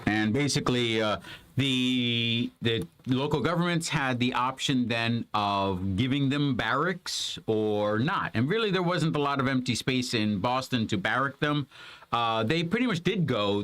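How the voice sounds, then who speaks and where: Lively, rambling man teaching. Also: medium pitch, measured pace. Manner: animated, rambling, many fillers. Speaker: homeschool parent teaching history. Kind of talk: casual history lesson with a child.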